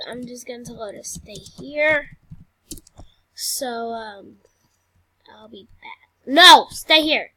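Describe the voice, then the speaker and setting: A woman's voice: fairly high pitch, sharp tone, dry recording. A woman chatting through a game role-play, often dropping into whispered asides.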